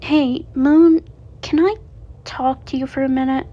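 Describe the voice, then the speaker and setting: A woman's voice: high-pitched, steady tone, unhurried, a little hiss or hum, pitched above the performer's own voice. A woman voicing an earnest young boy who speaks in a raised, eager voice, in a dull lo-fi recording.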